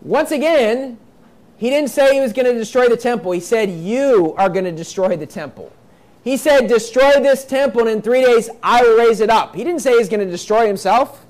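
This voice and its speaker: A man's voice: very high voice, fairly quick, darkish tone. A man preaching a sermon, reading scripture aloud and explaining it in plain, emphatic talk, repeating his points. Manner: emphatic, repeats points, acts out quoted voices.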